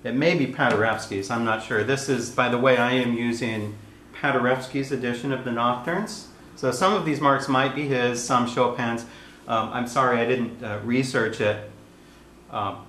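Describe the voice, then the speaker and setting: A man giving a calm, explanatory piano lesson, talking between played passages. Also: mid-range voice, normal speed, slight background noise. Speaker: piano teacher. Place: room with a piano. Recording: roomy sound with piano playing.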